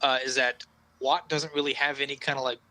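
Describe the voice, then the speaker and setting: A man's voice: mid-range voice, flat delivery, brisk, pushed and bright, dry recording, rough recording. A young man narrating a tabletop game as game master, rambling with fillers and restarts.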